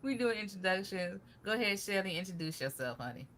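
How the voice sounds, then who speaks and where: A woman's voice: mid-range voice, animated, fast, a bit bright. A woman co-hosting a casual gardening livestream, chatty and loose, greeting viewers with plenty of "y'all". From Michigan. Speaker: livestream co-host. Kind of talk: casual chat.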